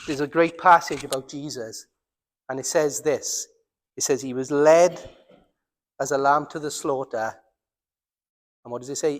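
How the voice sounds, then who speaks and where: Welsh pastor preaching in a reverberant hall. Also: male voice, a little high. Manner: earnest, slows down and drops to near silence for emphasis. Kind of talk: sermon. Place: church.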